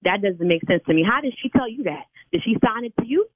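A woman with a slightly high, animated voice and a breathy edge speaks quickly on the phone in a heated argument. She's a church sign language interpreter, stern and indignant, calling on the Lord. The dry recording has a tinny phone-line sound.

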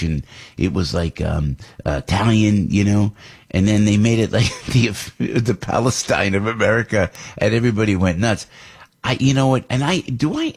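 A man hosting a radio talk show, rambling and animated, often asking rhetorical questions. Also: fairly low pitch, husky. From New Jersey. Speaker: radio host.

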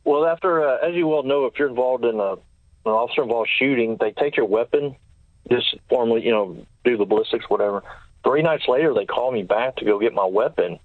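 A man's voice: mid-range voice, dry recording. A former sheriff's deputy recounting his case in detail as an interview guest, quoting what others said to him. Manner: fast, detailed recounting with quoted dialogue. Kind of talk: storytelling in an interview. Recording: tinny phone line, dry.

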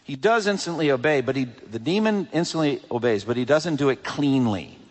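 A man preaching a sermon with emphatic swings between loud peaks and hushed drops. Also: medium pitch, animated, brisk, breathy edge, long reverb tail. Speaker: pastor.

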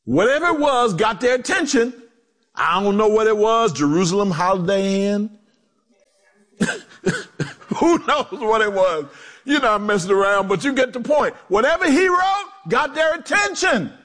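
Male preacher, high swoopy voice, preaches with lots of drama, plays out the quotes. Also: moderate pace. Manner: animated preaching with swooping pitch and dramatic drops; acts out quotes in low voices, quips to the congregation. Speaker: pastor. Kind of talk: sermon.

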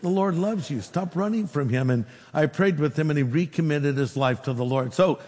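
A man pastor preaching a sermon, telling a story with lively quoted dialogue. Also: fairly high pitch, normal speed, in a large hall.

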